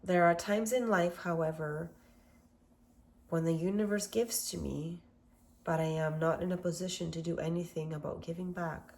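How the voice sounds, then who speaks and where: A woman hosting a self-love workshop, leading a guided meditation with gentle, affirming words in a calm manner. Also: on the low side, normal speed, gravelly.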